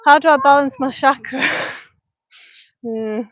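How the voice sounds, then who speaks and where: Lancashire woman in her thirties, fitness coach live-streaming from home, slightly high voice, frank and chatty between reps, dry dull lo-fi sound. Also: unhurried, a bit bright, no echo. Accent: Lancashire English. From North West England. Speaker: fitness coach and personal trainer. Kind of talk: live-stream chat while working out. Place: home, indoors. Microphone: small clip-on mic.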